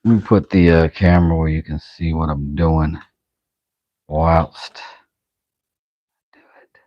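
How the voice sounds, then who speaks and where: This man's voice is very deep and slow, with fairly even intonation and no room sound. He hosts a knife-making channel and is making a knife in his workshop, talking playfully to the camera through a face mask and mumbling to himself as he works. The casual vlog commentary comes across in dull, lo-fi audio.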